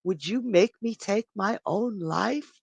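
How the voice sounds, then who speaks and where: A calm, resigned magical ram from a spoken myth, speaking quietly and solemnly, as the storyteller puts him on. The voice is slow and gravelly in a dry, close sound. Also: medium pitch, no echo, exaggerated voice.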